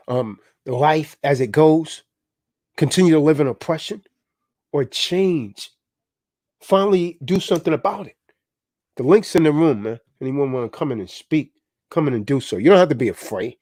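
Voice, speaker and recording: A man's voice: on the high side, darkish tone, no room sound, clean studio sound. A man hosting a live stream, preaching and exhorting his listeners, often ending lines with "man". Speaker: livestream host. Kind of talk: impassioned preaching livestream.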